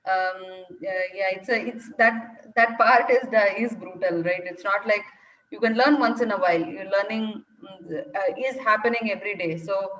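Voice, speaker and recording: A woman's voice: medium pitch, moderate pace, fairly bright tone, distant mic. A woman answers questions in an online talk, thinking aloud with frequent fillers and restarts. Her voice sits back from the mic. The call audio is dull and lo-fi. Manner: thoughtful, many fillers and restarts. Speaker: data science speaker answering questions. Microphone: video call.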